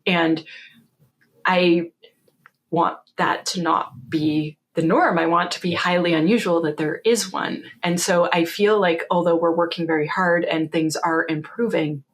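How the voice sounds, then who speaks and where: A Canadian woman in her forties, a guest in an interview, telling stories in a lively way, laughing often and wryly quoting herself. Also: fairly low pitch, measured pace. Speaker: guest, security author. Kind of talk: casual interview storytelling.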